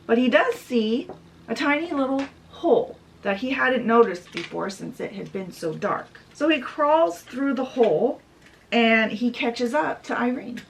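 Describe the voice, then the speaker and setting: Chatty woman with a gravelly fry. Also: on the high side, lively intonation, measured pace, distant mic, a little hiss or hum. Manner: chatty retelling with "she's like" quotes. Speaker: book vlogger. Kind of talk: casual storybook summary.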